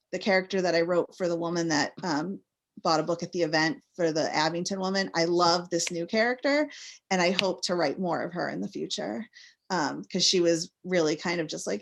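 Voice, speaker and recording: A woman from Massachusetts, a guest author in a casual interview, talking in a chatty, rambling way full of fillers. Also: on the low side.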